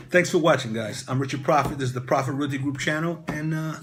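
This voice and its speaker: Rambling New man, high voice. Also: fast, hardly any pauses, over music. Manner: rambling, full of "you know" fillers. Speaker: real estate broker and channel host. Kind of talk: casual motivational talk to camera.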